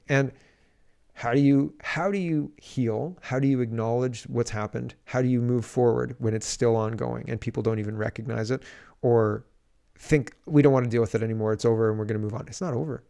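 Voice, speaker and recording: Gravelly and mellow, this mid-range male voice belongs to someone casually commenting on politics during a livestream. He reads out viewer comments and responds in an indignant, meandering way full of restarts.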